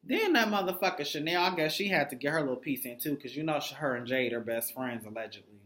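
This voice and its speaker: A man's voice: a little high, expressive, fast talker, a bit bright. Brief: sassy profane male recap vlogger, roomy. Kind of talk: casual gossip recap. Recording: roomy echo.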